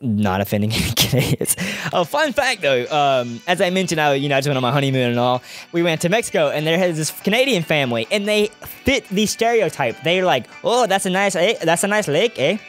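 A man's voice: fairly high pitch, big pitch swings, brisk, a bit bright, soft background music. Chatty young man rambling over gameplay. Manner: rambling, chatty, goes off on tangents. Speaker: let's-play gamer. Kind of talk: video game commentary.

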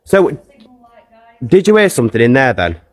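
A man streams a live ghost hunt at a castle on a handheld phone, urging a spirit to speak and talking with viewers. His voice is mid-range and sing-song, at a normal speed.

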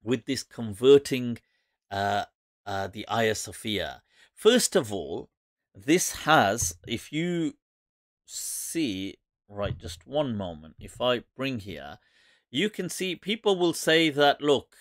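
A man, an Islamic scholar, giving casual commentary to camera in an animated, mocking way, laughing often. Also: medium pitch, slow, dry recording, clean studio sound.

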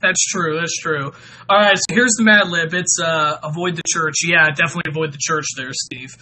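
A man's voice: a little high, fairly even intonation, fairly quick, sharp tone, low-quality recording. A man hosting a casual live stream, chatting with viewers and reading out Mad Libs, giggling and stammering often.

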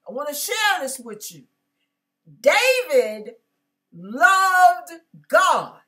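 Woman, pastor, conversational sermon, slow unhurried delivery, animated swooping pitch, slightly high voice. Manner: animated, acts out biblical characters with slangy asides.

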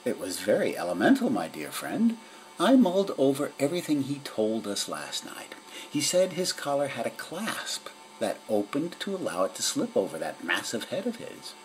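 A man's voice: medium pitch, wildly swooping pitch, moderate pace, pitched above the performer's own voice, rough recording. A man voicing a grand, serene female cat detective in a storybook reading, speaking in a stately, self-assured way. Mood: explaining.

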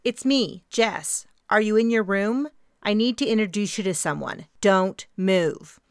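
A woman voicing an excitable young woman whose words come out in an eager rush. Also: medium pitch, clean tone, dry recording, studio quality, pitched above the performer's own voice, natural voice. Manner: rushed, eager.

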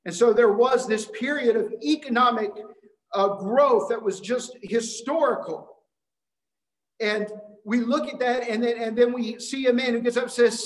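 High-voiced man preaching in an echoey room. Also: moderate pace. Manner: emphatic preaching with repetition and some stumbles. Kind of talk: sermon. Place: worship service.

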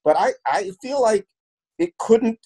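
A man's voice: high voice, expressive, unhurried, warm tone, slightly rough. Earnest storytelling man, interview guest. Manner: earnest storyteller, restarts with repeated words. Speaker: film and television producer, interview guest. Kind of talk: conversational interview, telling anecdotes.

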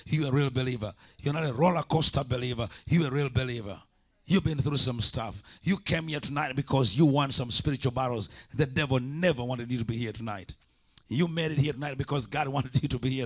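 A man's voice: mid-range voice, fast. A man preaching a sermon as an evangelist, impassioned, with repeated call-and-response lines.

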